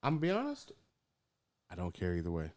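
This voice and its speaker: Podcast co-host, man, low voice, animated casual rants. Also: quick pace. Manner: animated, swears freely, laughs. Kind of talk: casual sports chat.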